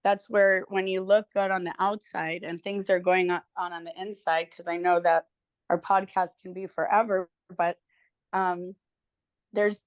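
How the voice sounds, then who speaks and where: A woman guest in a casual interview, a physical therapist who tells stories in a candid, animated way and swears freely. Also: mid-range voice, dry recording.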